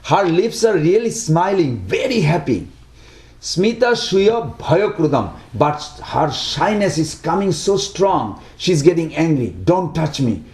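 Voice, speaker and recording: Animated man preaching in an echoey room. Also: a little high, unhurried. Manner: non-native English, simple broken phrasing, animated rhetorical questions. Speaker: devotional speaker. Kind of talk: devotional talk to a small group.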